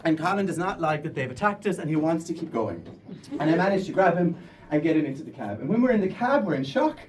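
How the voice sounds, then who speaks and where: A young man with a Kerry accent, his voice pitched high, tells a funny personal story to a live audience. He sits a little back from the mic, with a faint room hum behind him. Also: quick pace, distant mic, rough recording. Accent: Irish, County Kerry. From Ireland. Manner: lively, comic, animated. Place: storytelling stage before an audience.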